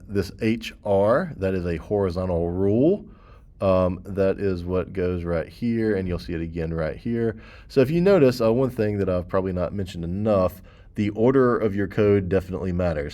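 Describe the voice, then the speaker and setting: A man's voice: deep voice, dark tone. A man teaching web design, casually walking through code steps and checking in with "okay" and "all right" as he goes. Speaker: computer science teacher. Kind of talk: screen-recorded coding tutorial.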